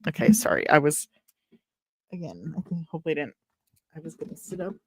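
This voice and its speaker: A woman's voice: low-pitched, sing-song, a little fast, slightly rough, no echo. A woman from Texas reading a novel aloud on her show, breaking off to ramble, apologize and make wry asides, close to a desk webcam at home. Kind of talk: casual read-along with commentary.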